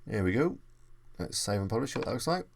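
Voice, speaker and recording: A man's voice: on the low side, big pitch swings, quick pace, gravelly, a little hiss or hum. A man presenting a screen-recorded web design tutorial, casually thinking aloud as he clicks through each step. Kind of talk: screen-recorded software walkthrough.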